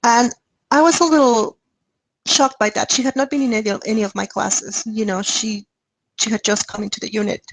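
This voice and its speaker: Woman, webinar presenter, fairly high voice, dry close sound, lively casual storytelling. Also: moderate pace, no room sound, low-quality recording. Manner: lively, acts out dialogue with rising pitch and laughs.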